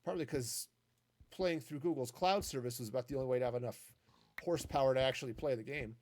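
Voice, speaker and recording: A man's voice: medium pitch, quick pace, a little mellow. A man streaming a game, chatting casually and thinking aloud with many restarts. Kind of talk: casual commentary while gaming.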